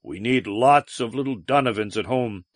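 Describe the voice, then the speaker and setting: A man voicing Woucher, a huge, hearty ape-faced alien warrior in an audiobook, with a booming, jovial delivery. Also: normal speed, no room sound, clean studio sound, close to an everyday voice.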